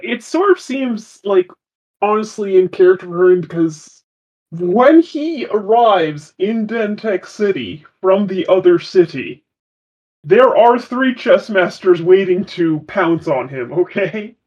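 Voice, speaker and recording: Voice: mid-range voice, lively intonation, slow pace, a little mellow, dull audio. A podcast co-host chatting casually about an episode, dropping dry, wry quips. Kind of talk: casual recap chat.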